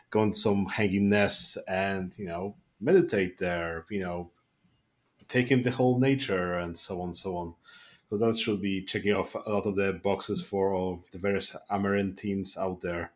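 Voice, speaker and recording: A man playing a tabletop game, talking casually and hedging with "you know". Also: lowish voice. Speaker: player. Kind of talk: casual tabletop role-play.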